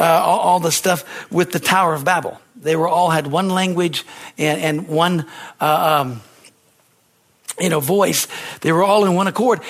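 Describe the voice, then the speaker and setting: A middle-aged male pastor preaching a fervent sermon, with a husky voice, swinging from low murmurs to shouted bursts and calling for amens. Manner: asks the congregation for amens.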